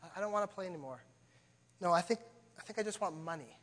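A man plays a selfish boy from a children's storybook who keeps asking for more. The requests come out quick and offhand in a fairly high voice. A long hall reverb hangs behind him. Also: expressive, fairly bright tone.

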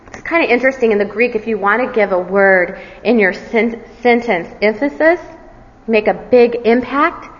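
A woman preaching an expository sermon, earnest in tone with self-deprecating asides. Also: mid-range voice. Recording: reverberant hall, dull lo-fi sound.

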